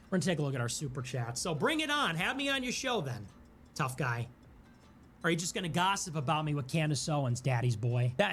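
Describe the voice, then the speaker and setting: High-voiced, animated, indignant male host. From Chicago. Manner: indignant and sarcastic, rising to defiant outbursts. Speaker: political livestream host. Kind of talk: impassioned political monologue.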